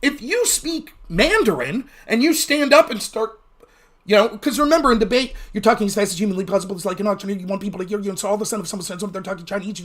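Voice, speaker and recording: Livestream host, male, high-pitched, rapid and blunt, swears freely. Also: animated, a bit bright. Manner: fast-talking, blunt and profane. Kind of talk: casual livestream commentary.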